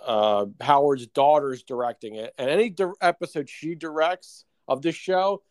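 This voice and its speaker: A man's voice: on the high side, moderate pace, darkish tone, no echo. A man co-hosting a casual podcast, talking in a rambling way with lots of fillers and restarts. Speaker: podcast co-host. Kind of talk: casual chat.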